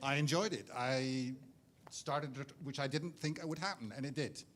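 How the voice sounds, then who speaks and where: Brief: male participant at a middling pitch, hesitant, trailing off at the end of phrases. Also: moderate pace, a bit bright. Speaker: seminar participant.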